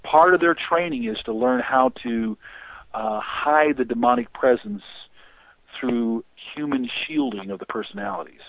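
A man with a gravelly voice speaks over a thin, phone-like line, his pitch rising and falling a lot as he tells his story. He rambles and halts, restarting his sentences often. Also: very animated, no echo. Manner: rambling, halting with many restarts. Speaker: guest on deliverance ministry. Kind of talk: storytelling interview talk. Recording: tinny phone-line audio.

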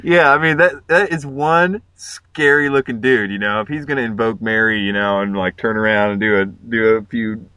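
Low-voiced hesitant man, dry sound. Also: steady tone, moderate pace, hardly any pauses, bright, forceful tone, clear, resonant tone, dry recording. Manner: hesitant, filler-heavy, laughs often. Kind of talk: casual podcast chat.

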